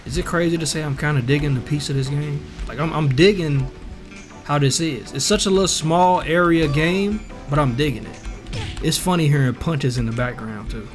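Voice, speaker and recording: A man's voice: a little high, moderate pace. A man giving casual, joking gameplay commentary in slang, with faint game music behind. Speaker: gaming YouTuber.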